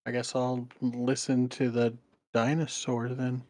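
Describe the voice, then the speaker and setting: A man's voice: mid-range voice, monotone, measured pace, darkish tone, no room sound. A man playing in a tabletop game, talking in a hesitant, questioning way. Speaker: player. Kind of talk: casual tabletop play.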